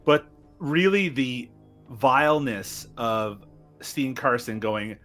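A man chats as a guest on a film podcast, his voice bright and forward. He delivers wry, deadpan remarks with the odd laugh, and faint music sits under the conversation. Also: mid-range voice, takes it slowly. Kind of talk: casual film review chat.

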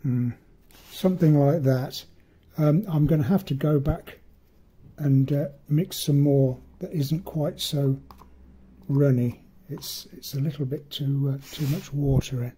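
Man, husky dark voice, rambling hobby tutorial, chuckles between steps. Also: on the high side, steady tone, a little slow. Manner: rambling, self-deprecating, chuckles often. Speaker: model-making tutor. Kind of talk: casual hands-on tutorial.

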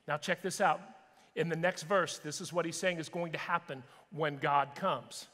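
A man's voice: on the high side, normal speed, pushed and bright, in a large hall. A man preaching a sermon with dramatic, courtroom-style framing in a church auditorium. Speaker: pastor.

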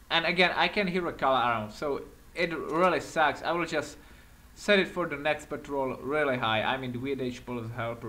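A man giving excitable let's-play commentary while acting as a patrol cop in a game, speaking non-native English with small slips, swearing and laughing often. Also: medium pitch, a little hiss or hum. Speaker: gaming commentator.

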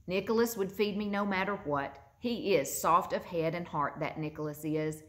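A woman reading a storybook aloud and voicing an eager, lively young boy. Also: lowish voice, normal speed, lightly acted. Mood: playful scolding. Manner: bright, excited, scolding fondly.

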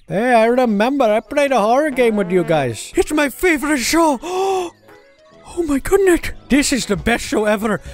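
A person giving comedic gameplay commentary in an excitable way, gasping and exclaiming often. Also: sits high.

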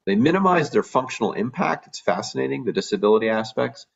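This man's voice sits mid-range, fast and creaky with a breathy edge; he's a doctor appearing as a guest in a relaxed interview, lively and performing the voices of people he quotes. Sound quality is dull lo-fi video call audio captured from afar.

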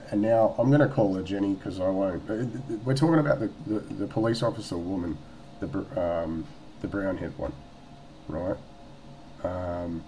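A man's voice: fairly low pitch, dark tone, a little hiss or hum, low-quality recording. An Australian man telling a story casually in a vlog at home, rambling and swearing, with lots of fillers and restarts. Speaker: vlogger.

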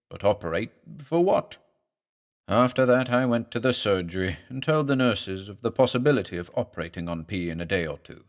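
A man's voice: fairly low pitch, creaky. A man narrating a horror story as a doctor's journal, reading in a grave, dramatic manner.

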